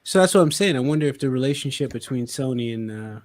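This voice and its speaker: A man hosting a casual podcast chat, animated, swearing and laughing as he talks. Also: mid-range voice, fast. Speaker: podcast host.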